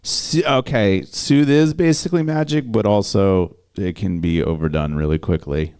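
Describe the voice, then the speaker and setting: Deep, gravelly male co-host. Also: normal speed, darkish tone. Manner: hesitant, lots of fillers while searching for terms. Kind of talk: casual live-stream chat.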